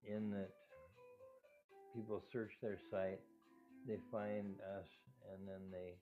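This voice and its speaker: An older man who runs a cat rescue talks casually and rambles, with restarts and soft laughs. His words whistle because he is not wearing his dentures. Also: fairly low pitch, flat delivery, slow. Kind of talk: casual talk to camera. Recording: tinny phone-like sound with faint music.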